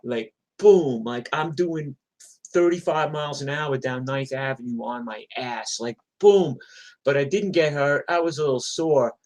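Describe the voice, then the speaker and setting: A man spins stories on a live stream, swearing freely and hitting each beat with punch. His voice sits at an ordinary middle pitch and his delivery keeps swinging between loud bursts and quick asides. It feels loose and conversational. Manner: animated, profane, punchy. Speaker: musician telling stories. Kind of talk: live storytelling, casual.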